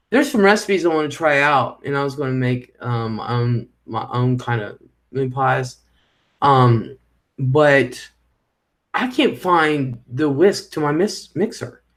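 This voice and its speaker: A middle-aged man talks slowly in an expressive, somewhat bright mid-range voice. He's running a relaxed live stream, wandering from topic to topic as he reads viewer comments, and swears when irritated.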